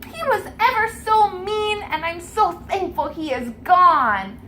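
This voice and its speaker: A woman's voice: very high voice, very animated, measured pace, pushed and bright, a little hiss or hum, voice pushed up, exaggerated voice. A woman voicing a sweet, grateful little girl in a tabletop story, with gushing thanks.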